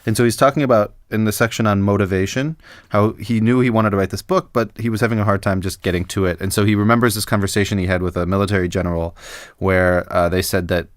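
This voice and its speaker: Brief: laid-back male podcast co-host, fairly low voice, dry close mic. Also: fairly even intonation, fast, few pauses, no echo. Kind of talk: casual podcast chat.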